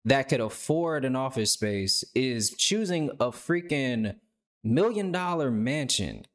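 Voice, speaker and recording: A man's voice: mid-range voice, lively intonation, takes it slowly. A man hosting a reaction video, talking loosely and rambling with lots of filler words. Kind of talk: casual reaction commentary.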